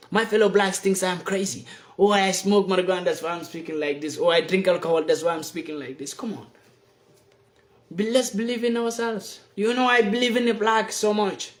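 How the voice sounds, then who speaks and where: A man's voice: high-pitched, echoey room. A man from Africa giving a seated, impassioned monologue to the camera, emphatic and repetitive. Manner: emphatic and repetitive, preaching slowly. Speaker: video blogger. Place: seated indoors.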